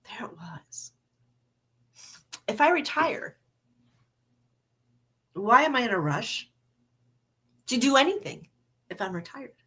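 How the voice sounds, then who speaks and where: Slow-talking, bright-voiced older woman. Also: high-pitched, big pitch swings, breathy edge. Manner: candid, with laughs and mild swearing. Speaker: podcast host. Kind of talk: casual monologue.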